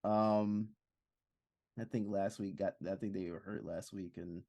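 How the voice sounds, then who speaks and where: A man's voice: deep voice, fairly even intonation, measured pace, dark tone, no echo. A man co-hosting a casual sports podcast, laid-back and sarcastic. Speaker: podcast co-host.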